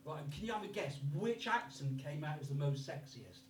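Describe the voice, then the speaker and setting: A male Birmingham stand-up comedian, on the high side, animated and brisk, performs in a live comedy club. The audio is echoey and recorded from far off with a little hiss or hum, and his act includes free swearing and put-on accents.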